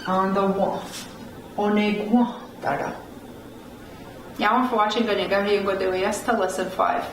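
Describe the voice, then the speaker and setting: A woman's voice: medium pitch, steady tone, a little fast, fairly bright tone, a little hiss or hum. A woman teaching a language lesson, patiently repeating words and breaking them into syllables. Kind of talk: slow spoken language lesson. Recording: very echoey room, heard from a distance.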